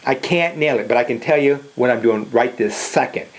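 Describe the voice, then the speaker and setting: A man's voice: mid-range voice, fairly quick. Older guy giving a motivational talk, blunt and direct, keeps saying okay and you know. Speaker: motivational speaker.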